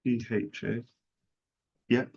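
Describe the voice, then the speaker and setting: A man's voice: medium pitch, fairly even intonation, slow pace, vocal fry, a little mellow, slightly rough. A man who runs a small business, chatting casually and making a sales call, earnest and repeating himself as he talks. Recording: dull lo-fi recording.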